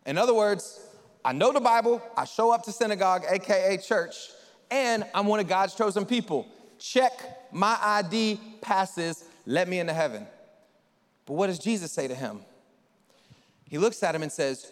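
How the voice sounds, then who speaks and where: A male pastor preaching a sermon with animated storytelling, speaking directly to his congregation in a church hall. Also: sits high, a little fast. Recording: long reverb in a hall.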